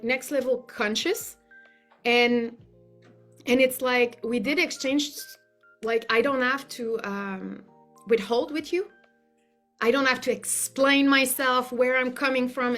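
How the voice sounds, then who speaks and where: A woman gives a heartfelt, effusive client testimonial, speaking earnestly and often using "like" as a filler. Her voice is fairly high and fairly bright.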